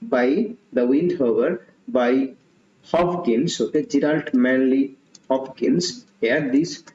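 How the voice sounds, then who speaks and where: Speaking slowly in a mid-range, somewhat dark voice, this male tutor teaches English literature in an online exam-prep session. He goes over each question and its options more than once, slipping in Hindi remarks. The audio sounds dull and lo-fi, with a roomy quality.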